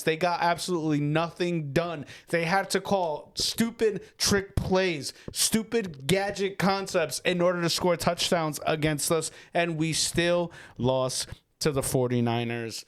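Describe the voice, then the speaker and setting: A man in a casual sports podcast, getting fired up and ranting, cursing as he goes. His voice sits fairly high for a man. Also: clear, resonant tone. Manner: fired-up, ranting, swears freely. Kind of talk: heated casual sports talk.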